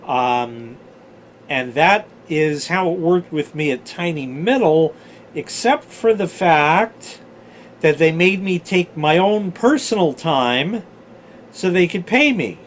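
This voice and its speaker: A storyteller host in his forties recounts old stories in a casual, rambling way, cursing freely and drifting into side tangents. His higher voice is expressive and slow, with a little hiss or hum on the recording.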